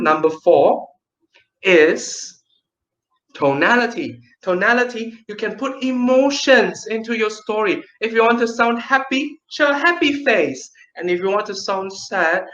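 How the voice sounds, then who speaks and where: A man teaching an online kids' storytelling class, lively and playful, with dramatic pauses. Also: high voice, roomy sound, highs cut off.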